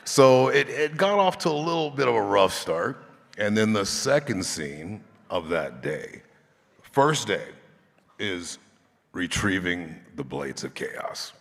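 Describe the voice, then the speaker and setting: Actor guest on a convention panel, an unhurried storytelling man, low voice, echoing big hall. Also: creaky. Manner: relaxed storyteller, laughing often. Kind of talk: anecdotal storytelling. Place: large convention stage. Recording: reverb of a large hall.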